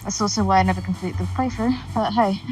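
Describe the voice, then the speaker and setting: A woman's voice: mid-range voice, quick pace, darkish tone, a little hiss or hum. A woman co-hosting a let's-play, chatting casually and laying out her own theories with confidence. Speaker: co-host. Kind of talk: casual gaming chat. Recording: distant mic, over game music.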